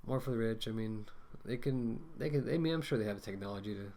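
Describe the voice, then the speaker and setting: A man's voice: on the low side, quick pace, warm tone. A man ranting casually to camera as a vlogger, rambling with many fillers and restarts, talking through a mask.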